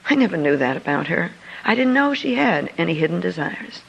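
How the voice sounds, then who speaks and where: A middle-aged woman, an author and speaker, telling a personal story to an audience in an earnest, confiding way with lively emphasis. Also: on the low side, fairly quick, vocal fry, husky, dull audio. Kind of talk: storytelling speech.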